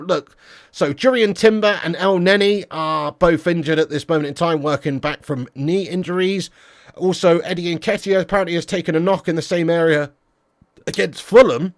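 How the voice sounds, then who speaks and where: A man's voice: high-pitched, moderate pace, no room sound, clean studio sound. A man hosting a live-stream fan chat, talking in casual, slangy banter with the odd swear word. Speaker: football channel host.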